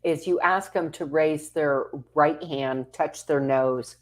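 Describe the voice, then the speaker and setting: A woman with a low, voice co-hosts a relaxed talk show. She chimes in often with short agreements and adds her own practical tips. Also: slow pace. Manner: supportive, frequent affirming interjections. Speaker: co-host. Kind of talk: casual talk show chat.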